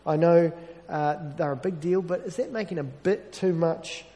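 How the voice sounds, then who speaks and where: A man with a fairly high voice preaches a sermon, earnest and conversational, slipping in wry asides about himself. His voice rings out with a long reverb. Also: normal speed, mellow.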